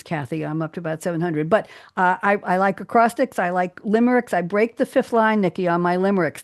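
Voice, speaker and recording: A woman's voice: on the low side, darkish tone, no room sound, studio quality. An older woman hosting a live talk show, chatty and theatrical, reading out her own poem with flair. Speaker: host.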